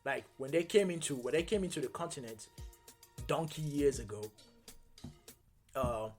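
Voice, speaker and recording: A man's voice: a little high, animated, normal speed, husky, faint music behind. A man hosting a talk show, giving emotional, heated commentary and often repeating his phrases. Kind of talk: impassioned commentary.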